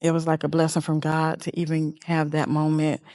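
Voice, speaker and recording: A middle-aged woman speaks as an interview guest, earnest and reflective. Her voice sits on the lower side. The sound is dry and close. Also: completely flat delivery, fairly quick, a little mellow, dry recording. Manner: earnest, heartfelt, reflective storytelling. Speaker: interview guest, bereaved mother. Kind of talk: emotional personal interview.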